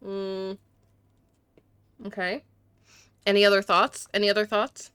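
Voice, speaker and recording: Bright-voiced woman streaming a game, chatty, dry close mic. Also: medium pitch, little pitch movement, unhurried, smooth, no room sound. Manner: self-deprecating, chatty, reads chat. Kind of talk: casual game commentary.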